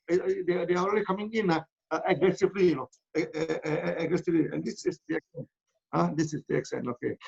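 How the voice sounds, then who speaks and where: A man's voice: high-pitched, vocal fry, husky, dull audio. A man with a Malaysian English accent answers questions in a live online session, rambling and repeating words with many "uh" and "no?" tags. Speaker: company founder answering questions.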